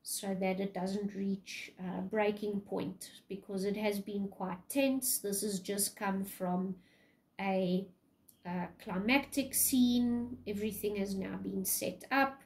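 A woman's voice: mid-range voice, steady tone, slow, a little mellow, rough recording. A woman English teacher casually retelling a play in a lesson, chatty, with many fillers.

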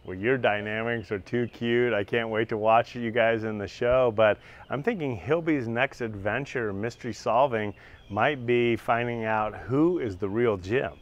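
A man's voice: medium pitch, a little slow, dull audio. A man hosting an interview, upbeat and enthusiastic toward his guests. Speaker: interview host.

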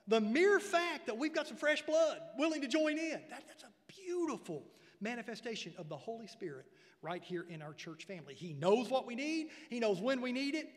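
A male pastor preaching a sermon in folksy terms. He swells loud on repeated phrases, then drops low and quiet. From United States. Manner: folksy asides. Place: church sanctuary. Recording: preached in a church hall with long reverb.

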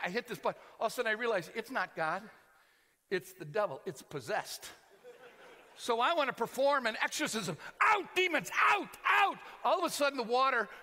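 American male preacher, high and bright, comic sermon story in a reverberant hall. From United States. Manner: animated, shouting and laughing through a story. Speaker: pastor.

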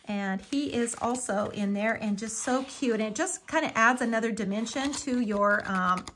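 A woman's voice: on the high side, fairly bright tone, a little hiss or hum. A middle-aged woman hosting a live papercraft tutorial, chatty and homey, with frequent ums and lots of "little" and "so cute". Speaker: craft tutorial host.

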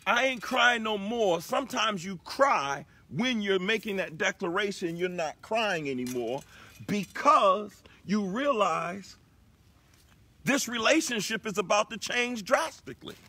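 A man's voice: high-pitched, expressive, unhurried, sharp tone, husky. A man hosting a live inspirational broadcast, preaching emphatically and repeating his key lines. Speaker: broadcast host.

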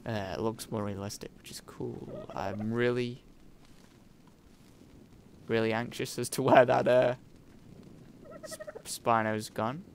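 A man's voice: mid-range voice, fairly even intonation, slow, gravelly, pauses often, slight background noise. A young man giving jumpy, jokey let's-play commentary, often swearing as he plays. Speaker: gaming YouTuber.

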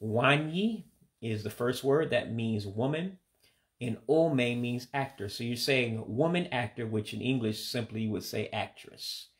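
A man in a casual home lesson talks through vocabulary at an easy pace. His voice sits in a middle pitch, and he repeats each word slowly and deliberately, sometimes pausing with uh and um. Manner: slow, careful repetition of words; hesitant with fillers. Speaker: language learner teaching vocabulary.

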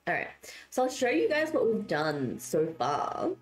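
A woman's voice: medium pitch, sing-song, unhurried, reverberant. A woman streamer chatting casually and giggling with her viewers while she builds in a game, her voice still sleepy from just waking up. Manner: giggly and chatty, reading out and answering chat. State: just woke up, voice not warmed up.

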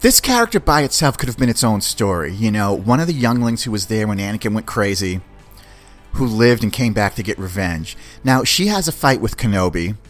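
Excited slangy man reviewing a series. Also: on the low side, a little fast, faint music behind. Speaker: podcast host. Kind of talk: casual film review.

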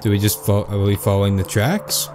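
A man's voice: lowish voice, brisk, darkish tone, soft background music. A man giving casual let's-play commentary, chatting and reacting aloud as he plays. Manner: chatty, reacts aloud and reads game dialogue. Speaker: game commentator.

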